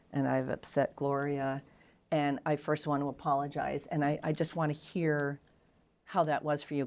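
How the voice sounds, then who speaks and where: A middle-aged woman, a guest on an interview show, telling frank, self-deprecating stories in a candid and animated way. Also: deep voice.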